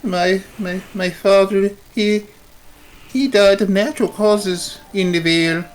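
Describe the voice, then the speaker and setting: A woman's voice: mid-range voice, steady tone, slow, faint music behind, rough recording. A woman speaking hesitantly as a player in a tabletop role-play. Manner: hesitant and unsure.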